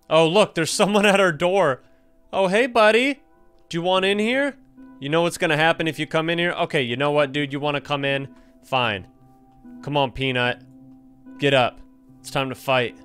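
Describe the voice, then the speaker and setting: A young man casually commenting on his own gameplay, excitable and jumpy, chatting to the animals on screen. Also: a little high, clear, resonant tone. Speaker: gaming YouTuber. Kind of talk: casual let's-play commentary.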